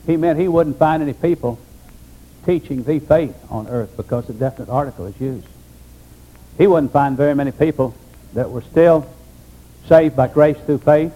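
A man pastor preaching an emphatic sermon, dropping low for solemn points. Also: warm tone, rough recording.

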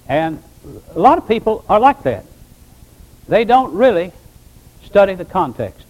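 A man's voice: high-pitched, very animated, a little slow, pauses often, a little mellow, poor audio. An older man, a pastor, preaching a sermon in a plain-spoken, folksy way and rising to emphatic exclamations.

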